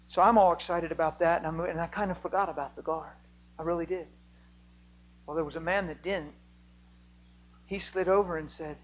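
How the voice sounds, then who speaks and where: A man preaching a sermon, telling a healing story and rising to near-shouting when he gets excited. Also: fairly high pitch, fairly quick, pauses often, highs cut off.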